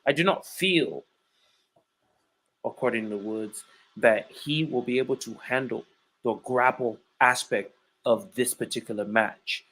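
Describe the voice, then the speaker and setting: A man with a bright, forward voice breaking down upcoming fights on a casual podcast. He talks emphatically and keeps repeating his points for weight. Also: mid-range voice, unhurried, poor audio. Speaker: podcast host and fight analyst.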